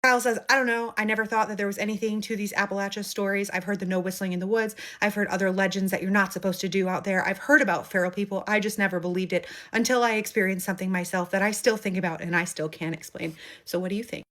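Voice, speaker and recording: A woman's voice: medium pitch, fairly even intonation, quick pace, hardly any pauses, a bit bright. A woman retelling a submitted scary story in a chatty, conversational way, briefly acting out the people in it. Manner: chatty, conversational, acts out quoted voices.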